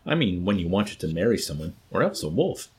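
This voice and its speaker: A man voicing an earnest, lovestruck young man who rambles and pleads incoherently, with a husky voice. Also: deep voice, very animated, brisk, exaggerated voice. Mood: pleading.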